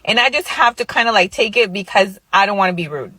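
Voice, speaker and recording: A woman's voice: medium pitch, expressive, quick pace, bright, forceful tone, no echo, rough recording. A woman in her thirties casually telling a personal story, chatty and full of filler words. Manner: chatty, lots of filler likes.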